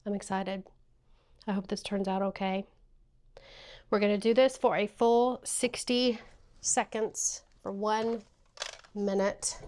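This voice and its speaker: Excitable woman narrating a craft vlog. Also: mid-range voice, takes it slowly, pauses often. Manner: chatty, narrating each step, excitable. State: tearful and emotional. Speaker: craft vlogger. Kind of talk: casual how-to vlog.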